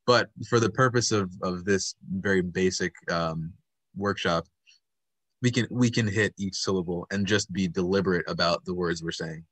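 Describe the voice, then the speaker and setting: A man's voice: low-pitched, normal speed, fairly bright tone, dry recording. A man instructing an online puppetry workshop over a video call, patient and encouraging as he explains step by step.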